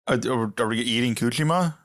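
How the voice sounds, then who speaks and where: A man's voice: mid-range voice, fairly quick. Opinionated man chatting on a podcast. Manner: opinionated, laughs easily, swears casually. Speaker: podcast co-host. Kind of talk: casual chat.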